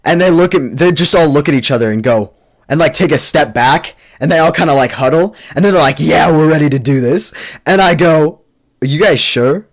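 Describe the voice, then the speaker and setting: A young man telling a story in a casual, rambling way, full of fillers and restarts, and getting animated as it builds. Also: fairly high pitch, fairly quick. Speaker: storyteller vlogger.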